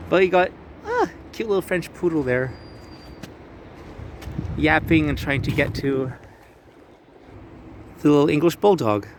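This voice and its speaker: Out on a city square, a young man vlogs a laid-back walking tour, cursing freely, clowning, and putting on mocking voices for historical figures' quotes. He speaks in a fairly high, sing-song voice, unhurried and pausing often, over background noise.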